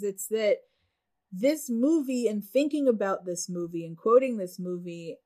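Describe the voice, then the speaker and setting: A woman with a mid-pitched voice co-hosts a podcast in casual conversation. She sounds eager and laughs often as she talks. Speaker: podcast co-host. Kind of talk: casual chat.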